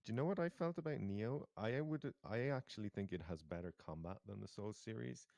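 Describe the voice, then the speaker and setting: Bantering man, lively pitch. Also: brisk, creaky, no echo. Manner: bantering, jokey. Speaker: co-host of a game stream. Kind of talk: casual chat. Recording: loud background noise.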